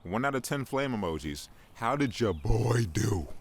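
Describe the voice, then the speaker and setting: A man's voice: lowish voice, sing-song, normal speed, slightly rough. A young man hosting a casual podcast monologue, rambling and self-mocking, often stammering and repeating words. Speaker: podcast host.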